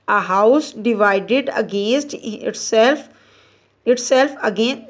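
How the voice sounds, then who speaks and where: A woman teacher reading out grammar exercises and labelling each answer, slow and deliberate, correcting herself as she goes. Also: on the high side. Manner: slow and deliberate, with frequent restarts and self-corrections. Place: Pakistan.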